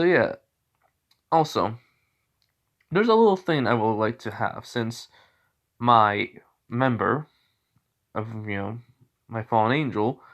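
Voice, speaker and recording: A man's voice: medium pitch, a bit bright, lo-fi sound. A man narrating an improvised fan story in a rambling way, full of fillers and self-corrections.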